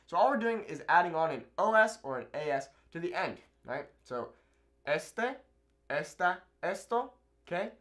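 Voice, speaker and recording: Man, online language teacher, animated delivery with a lively, swinging pitch; keeps checking in with the viewer. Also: moderate pace. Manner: upbeat, animated, keeps asking "okay?". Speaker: Spanish teacher. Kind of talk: video language lesson.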